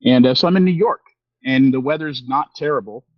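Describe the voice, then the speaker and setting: A man's voice: mid-range voice, fairly quick, no echo. A man in his fifties tells a long, wandering story as a podcast co-host, circling back with fillers and restarts. He slips into the voices of the people he quotes. The recording is dry and a little dull. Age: 50s. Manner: rambling, with many fillers and restarts, acting out quoted exchanges. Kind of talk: casual storytelling chat.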